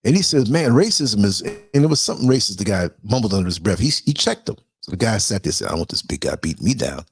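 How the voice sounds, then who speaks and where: A man with a New York accent, a podcast host telling a story in a casual monologue, animated and acting out the voices he quotes. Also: lowish voice, fast, hardly any pauses, slightly rough, dry recording.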